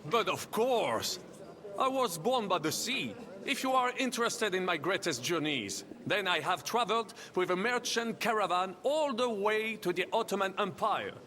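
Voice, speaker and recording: A man's voice: high-pitched, expressive, moderate pace, pushed and bright. A man with a French accent voicing a boastful baron in a video game, grand and theatrical. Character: boastful French baron, smooth talker, middle-aged man. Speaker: game character.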